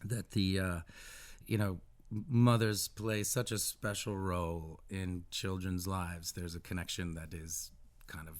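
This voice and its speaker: Halting, low-voiced American man. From United States. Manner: halting, many restarts, animated asides. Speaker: musician guest. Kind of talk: casual radio interview.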